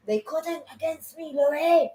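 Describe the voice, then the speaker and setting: A woman telling a story in casual chat, animated and profane, acting out what people said. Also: sits high, a little slow. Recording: echoey room.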